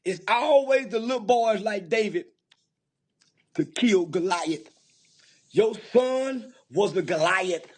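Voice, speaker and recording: A man with a high, husky voice ranting in a profane, taunting way. His pitch swings widely as he hurls insults. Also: animated, slow, long pauses. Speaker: commentator. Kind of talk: angry rant commentary.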